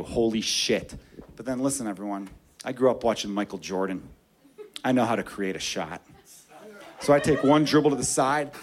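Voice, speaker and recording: A man telling a stand-up story, profane and animated, dropping low and hushed then getting loud. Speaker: stand-up comedian.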